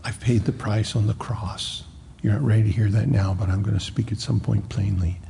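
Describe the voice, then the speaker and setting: A man preaching a sermon as pastor, earnest and emphatic, stressing words slowly and repeating himself as he drives a point home. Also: on the low side, fairly even intonation, gravelly, dark tone, long reverb tail, slight background noise.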